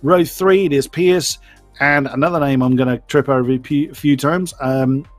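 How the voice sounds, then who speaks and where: A man's voice: medium pitch, fairly even intonation, normal speed, soft background music. A man giving live commentary on a sim race. He is chatty and self-deprecating and stumbles over driver names.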